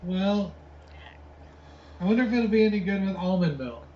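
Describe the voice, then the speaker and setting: A man co-hosting a podcast over an internet call, talking in a relaxed, easygoing way with small chuckles. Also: sits high, normal speed, roomy sound, muffled recording, a little hiss or hum. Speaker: podcast co-host. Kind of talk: casual chat. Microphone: remote call over the internet.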